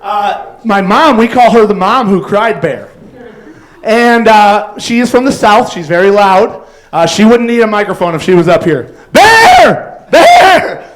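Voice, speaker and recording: High-voiced guy doing stand-up, rambly stories with lots of uh and so, on a club stage. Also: normal speed, rough recording. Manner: rambling storytelling with fillers and acted quotes. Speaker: stand-up comedian. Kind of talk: stand-up set.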